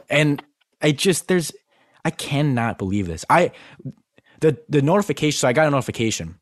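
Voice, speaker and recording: A young man co-hosting a sports podcast, talking fast with lots of restarts and stumbles. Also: medium pitch, expressive, dry recording, clean studio sound. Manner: stumbling restarts, breathless disbelief. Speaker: podcast co-host. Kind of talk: excited sports podcast chat.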